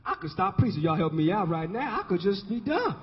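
A man with a high voice preaches with a rolling rhythm, repeating himself and climbing to shouts. The sound is dull and lo-fi, carried by a long church-hall reverb. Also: very animated, fairly quick, a little hiss or hum. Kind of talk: call-and-response sermon.

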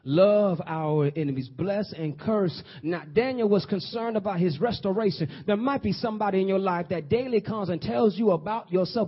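A high-pitched man preaches a sermon in a husky, breathy voice. He builds to fervent emphasis and repeats his phrases. The recording is dull and lo-fi. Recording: dull lo-fi sound.

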